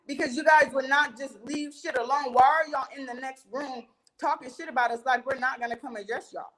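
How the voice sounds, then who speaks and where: High-voiced woman, profane animated storytelling. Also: fairly quick, poor audio. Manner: profane, emphatic, acts out quoted arguments. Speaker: reality TV cast member telling a story.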